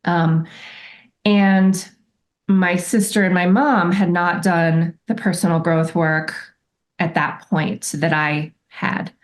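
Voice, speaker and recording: A woman with a slightly low voice shares a personal story as a podcast guest. She sounds candid and reflective. She brings the past to life by voicing remembered remarks. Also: fairly even intonation, takes it slowly.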